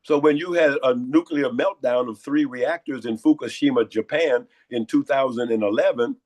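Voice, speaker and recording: A hoarse, congested man giving lecturing interview answers and firing off repeated rhetorical questions. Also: mid-range voice, moderate pace, a little mellow. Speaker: guest.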